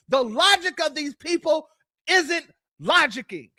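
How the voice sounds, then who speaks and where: A man with a high, bright voice hosts a reaction commentary, talking to his viewers like a congregation. He greets them as family and rises into shouts when he argues. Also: animated, slow, dry recording, studio quality. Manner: preacherly, calls out to viewers as family, breaks into shouting. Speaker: commentary channel host. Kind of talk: reaction commentary on a protest clip.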